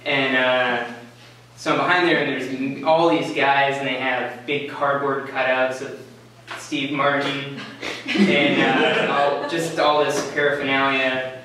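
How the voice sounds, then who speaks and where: A man in his twenties tells a rambling story on stage in a slow, unhurried way, his voice bright and forward, dotted with "like" and "uh" and chuckles at himself. It is caught from a distance in a very echoey room, with faint ambience behind him. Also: medium pitch, level tone, slight background noise. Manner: casual, rambling, full of "like" and "uh", laughing at his own story. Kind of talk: live story slam storytelling. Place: small event venue, on stage.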